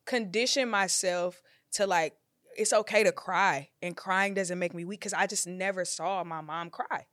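A woman in casual podcast conversation, lively and playful, who slips into animated quoted voices with big pitch leaps. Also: unhurried, no echo, clean studio sound.

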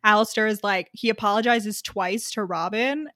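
A woman co-hosting a casual book podcast, animated and laughing often, with lots of "like"s. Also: mid-range voice, moderate pace, no room sound, studio quality. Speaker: podcast co-host.

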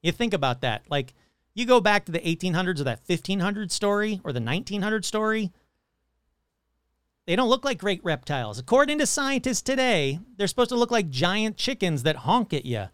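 A man's voice: high voice, sing-song, moderate pace, a bit bright, clean tone, no echo, clean studio sound. A male podcast host talking through a casual, jokey monologue with frequent swearing and asides.

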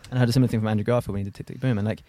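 Brief: man host, very fast, rambling, curious. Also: fairly low pitch, fairly even intonation, warm tone, no echo. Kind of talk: casual chat.

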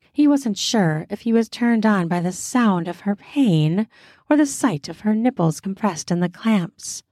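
A woman hosting a podcast and narrating an erotic audio story in a slow, deliberate reading voice. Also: medium pitch, dark tone, no echo, clean studio sound.

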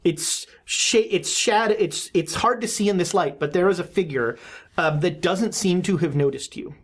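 A woman runs a tabletop horror game as game master, her voice sitting on the low side. She describes scenes in a loose, chatty way, full of fillers and restarts. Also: moderate pace.

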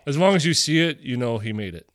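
Bright, animated man joking around. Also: medium pitch, fast. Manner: joking, profane banter. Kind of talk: casual chat.

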